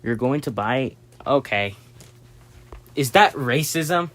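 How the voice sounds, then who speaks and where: A young man casually narrating a hobby build, rambling and talking to himself with sudden excitable outbursts. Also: mid-range voice, slow pace.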